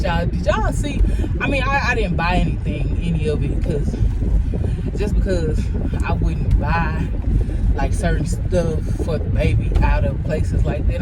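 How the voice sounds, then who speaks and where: A woman in her thirties, an expecting first-time mom, chatting casually and rambling straight to her viewers in a vlog. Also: fairly low pitch. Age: 30s. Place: out shopping and walking to her car, then in the car. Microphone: handheld phone. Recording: outdoor phone recording with traffic noise.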